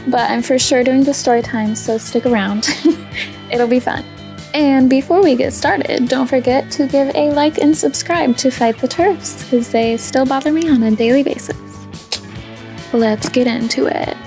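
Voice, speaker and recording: A young woman chats her way through a story, laughing often and trailing off mid-thought. Her voice sits a touch high. She sounds a little away from the microphone, with faint music behind her. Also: unhurried, creaky, darkish tone, far from the mic, poor audio. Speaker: vlogger. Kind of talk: casual story time while coloring hair. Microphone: microphone placed up by the camera.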